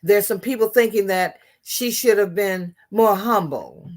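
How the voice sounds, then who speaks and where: A woman's voice: mid-range voice, unhurried, a little mellow. A woman giving impassioned political commentary, blunt and profane, often restarting her sentences.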